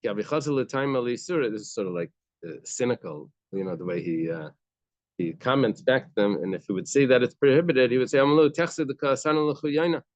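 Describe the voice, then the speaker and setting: A man's voice: on the low side, expressive, fast, a little mellow, no room sound. A man teaching a daily Talmud class, reading short bits of Aramaic and then explaining them in casual, conversational English.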